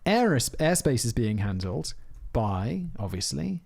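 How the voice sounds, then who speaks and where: Male podcast host, casual rambling storyteller with a lively, swooping delivery and frequent laughs. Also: mid-range voice, slow, gravelly. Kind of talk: casual chat.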